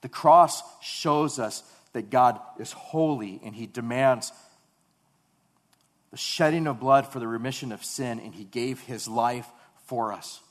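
A man's voice: medium pitch, a little slow. Fervent emphatic preacher man. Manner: emphatic and repetitive, building to loud fervent passages; reads scripture aloud then expounds on it. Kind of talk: sermon.

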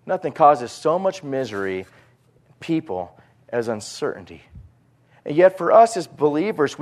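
A man preaching to a live audience in a room, telling stories in quick, animated bursts and often repeating himself. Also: on the high side. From United States. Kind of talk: sermon with personal storytelling.

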